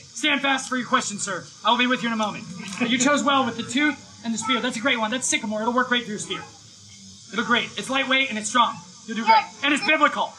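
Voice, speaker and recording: A man preaching live, telling an excitable story with lots of shouting and bursts of energy. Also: very high voice, noisy background. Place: live event, outdoors or hall.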